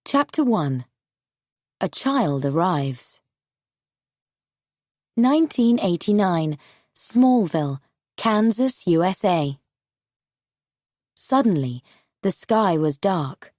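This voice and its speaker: Woman narrator, graded-reader story, slow, clear, lively pitch, dry close sound. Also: no room sound.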